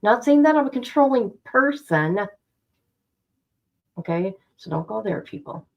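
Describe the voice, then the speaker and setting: A woman's voice: a little high, expressive, measured pace, muffled recording. A woman streaming casual commentary to her viewers, blunt and chatty, speaking straight to her audience. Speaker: streamer reacting to news.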